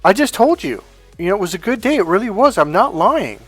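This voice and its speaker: A man's voice: high voice, sing-song, brisk, fairly bright tone, slightly rough, faint music behind, pitched above the performer's own voice, full character voice. A man imitating a big, tired father who defensively insists his day was fine. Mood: frustrated. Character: big, tired, frustrated middle-aged father.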